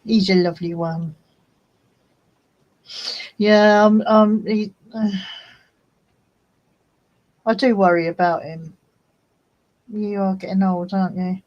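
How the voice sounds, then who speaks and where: A woman's voice: medium pitch, fairly even intonation, slow pace, pauses often, darkish tone, dull audio. A woman hosting a casual livestream chat for her craft channel, homely and chatty. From United Kingdom. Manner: chatty and homely, talks fondly to her cat.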